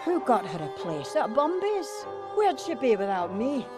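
An actress playing a greedy, scheming older nurse, muttering and wheedling in a game. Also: female voice, a little high, very animated, moderate pace. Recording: game audio with music behind.

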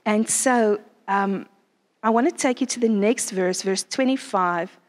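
A woman preaching at a conference in an animated way, often asking her listeners rhetorical questions. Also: mid-range voice, measured pace, big-room sound. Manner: animated, asks the crowd frequent rhetorical questions. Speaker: conference speaker. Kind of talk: sermon. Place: conference venue.

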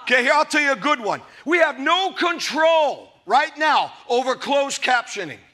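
A man in his fifties preaching a sermon to a live congregation, emphatic and often shouting, with jokey storytelling. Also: extremely high pitch, very animated, normal speed. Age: 50s. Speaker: pastor. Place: church service before a live congregation.

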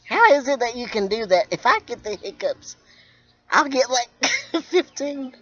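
A woman's voice: fairly high pitch, very animated, measured pace, fairly bright tone. Giggly woman chatting outdoors, lo-fi. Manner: giggly, laughs often while telling a story. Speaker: vlogger. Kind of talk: casual chat.

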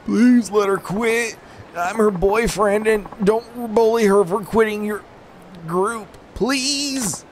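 Man doing a lovesick boyfriend, pitched up high and whiny. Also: takes it slowly, a little hiss or hum. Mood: pleading. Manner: whiny, overwrought, repeating himself. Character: lovestruck obsessive young boyfriend. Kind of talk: voice-acting game dialogue for a stream.

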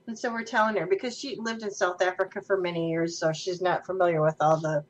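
A woman's voice: fairly low pitch, a little fast, hardly any pauses. A woman from Minnesota telling a funny story in casual chat, laughing often as she talks. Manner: giggly, laughs through her stories. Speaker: podcast co-host.

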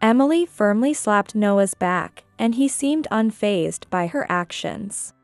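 A woman reading a scripted first-person story in a measured, even way. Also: mid-range voice, no room sound, faint music behind. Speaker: narrator.

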